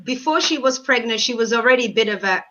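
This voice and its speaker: A woman's voice: on the high side, animated, fast, bright, forceful tone. Blunt, gossipy woman on dull lo-fi audio. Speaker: panelist. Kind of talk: casual panel chat about a reality show.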